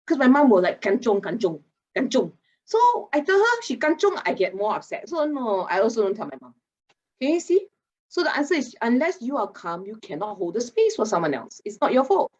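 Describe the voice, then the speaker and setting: A woman talks through a video call and drops casual particles into her sentences. Her voice is a little husky, and the audio sounds dull and muffled. She speaks in an animated, playful way, teasing her listeners as she teaches. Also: fairly high pitch, a little fast. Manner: animated, chatty, teasing, with local particles like lah. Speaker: guest speaker on mental wellness. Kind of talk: lively expert talk in an online masterclass.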